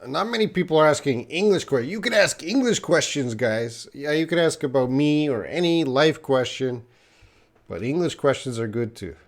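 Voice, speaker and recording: On his English-teaching live stream, a young man reads viewers' questions out and responds encouragingly, speaking right to them and repeating their names. His voice is on the high side and expressive, at a normal speed.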